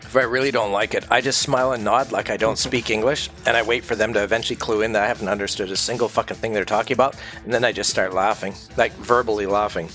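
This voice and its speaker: A man's voice: fairly low pitch, fairly even intonation, quick pace, hardly any pauses, fairly bright tone, faint music behind. A man hosting a stream, chatting casually in a rambling, sweary way and laughing often. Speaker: streamer host. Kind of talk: casual chat.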